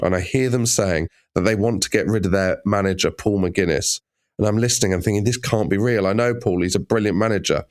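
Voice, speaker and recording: Low-voiced guy cohosting a podcast, jokey and wry, swears a lot. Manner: wry, joking, swears freely. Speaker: podcast co-host. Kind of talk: casual comedic chat.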